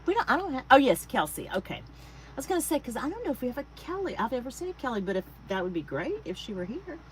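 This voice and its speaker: Talking fast in a high voice with big pitch swings, a middle-aged Texan woman with a Southern accent hosts a craft livestream and casually greets viewers by name. The recording is rough, with an air conditioner humming faintly.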